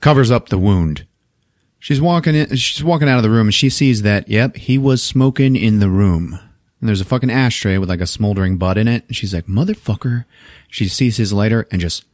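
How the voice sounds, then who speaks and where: This podcast host tells a film's story in a relaxed way, swearing often, breaking into frequent laughter and voicing the characters himself. His pitch sits on the low side, captured in clean studio sound without any echo.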